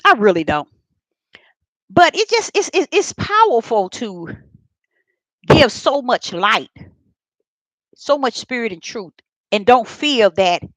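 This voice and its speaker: A high-voiced woman preaching to a live online audience, her pitch leaping and sinking as she goes. Her tone is bright and sharp, and she stresses points by repeating words, moving from loud cries down to near-whispers. The sound is close and dry. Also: very animated, takes it slowly, long pauses, no room sound, poor audio. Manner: emphatic, repeats words, swings from shouts to soft murmurs; talks directly to the live chat audience. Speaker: preacher teaching a live-streamed Bible study. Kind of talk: preaching Bible study.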